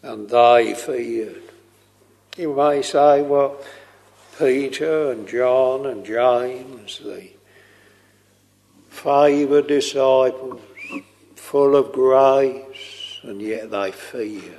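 A man preaching a slow, earnest sermon, tender and pleading as he quotes hymns. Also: medium pitch, a little mellow. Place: church. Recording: long reverb of a large hall.

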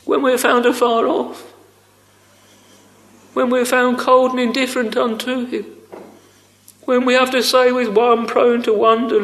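A man delivers a sermon in an earnest, deliberate manner. His voice sits very high and sounds bright and forceful. It carries through a roomy hall with a long echo. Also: level tone. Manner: earnest, deliberate, addresses listeners as friends. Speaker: preacher. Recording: echoey hall with long reverb.

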